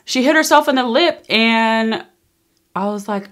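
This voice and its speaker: A woman in her thirties telling a personal story in a casual storytime vlog, emphatic and animated, acting out what people said. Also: a little high, a little slow. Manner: emphatic, animated retelling, acting out quoted lines.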